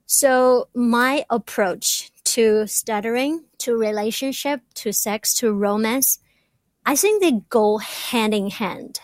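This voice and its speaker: A woman doctoral student who stutters, giving slow, reflective answers in an interview. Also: on the high side, no echo. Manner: stutters, with repeated words.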